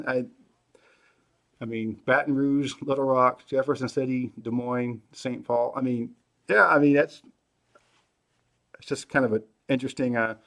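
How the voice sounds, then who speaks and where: Here a middle-aged host answers questions from his livestream audience in an easygoing way, musing aloud with plenty of "um"s and restarted sentences. His voice falls in a mid range.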